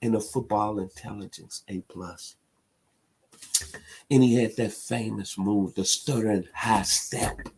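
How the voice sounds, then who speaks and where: A man's voice: lowish voice, steady tone, unhurried, slightly rough. A middle-aged man from Memphis, hosting a sports talk radio show in an impassioned, emphatic monologue. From Memphis, Tennessee. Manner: impassioned, emphatic, builds to loud peaks.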